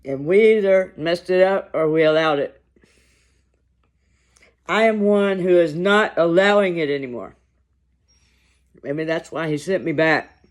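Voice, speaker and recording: Slow, pausing man chatting over lunch. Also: on the high side. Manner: slow, reflective, halting, with long pauses. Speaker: vlogger. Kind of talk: casual talk to camera while eating lunch.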